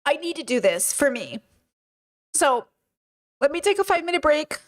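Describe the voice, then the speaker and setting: Tired woman streamer, high voice. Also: very animated, moderate pace. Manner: tired, confessional, shaky voice. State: exhausted and drained. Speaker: streamer talking to chat. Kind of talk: casual livestream chat.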